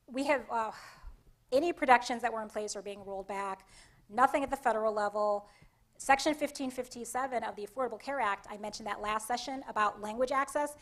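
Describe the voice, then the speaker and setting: Lively woman giving a workshop talk. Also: fairly high pitch. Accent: Connecticut. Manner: lively, conversational, asks the audience questions. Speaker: conference presenter.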